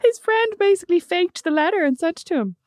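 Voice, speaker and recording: A woman's voice: extremely high pitch, fast, no room sound, clean studio sound. A woman co-hosting a podcast, chatting casually with her sister and teasing her while she tells stories. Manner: lively teasing storyteller. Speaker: podcast co-host. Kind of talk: casual chat between sisters.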